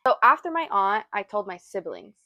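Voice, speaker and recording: A young woman with a mid-range voice and a normal pace co-hosts a podcast, chatting casually and telling animated stories in which she acts out quotes.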